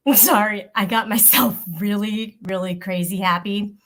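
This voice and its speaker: A woman's voice: mid-range voice, measured pace, a bit bright. A woman hosting a casual live stream, teasing her chat, giggling often and swearing freely. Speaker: livestream host.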